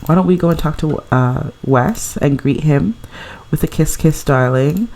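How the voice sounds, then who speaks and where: A woman's voice: sits low, unhurried, a little mellow. A woman giving casual, gushing commentary over a life-sim game she plays at home, chatting and laughing often. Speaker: let's play creator.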